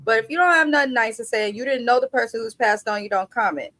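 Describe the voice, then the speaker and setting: A woman's voice: a little high, fast, fairly bright tone, no room sound. A woman co-host on a review livestream, speaking bluntly and emphatically with plenty of profanity. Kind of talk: casual review chat.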